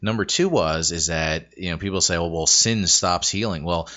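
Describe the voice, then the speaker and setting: Male host, deep and bright, explanatory, slightly dull audio. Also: moderate pace. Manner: explanatory, addresses listeners directly. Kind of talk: conversational podcast talk.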